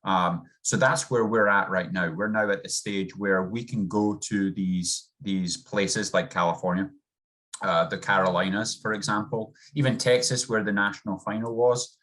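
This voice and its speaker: A man's voice: fairly low pitch, steady tone, moderate pace, fairly bright tone. A man with a subtle Scottish accent, a rugby coach talking earnestly and upbeat as a guest over a video call. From Scotland. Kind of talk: interview guest.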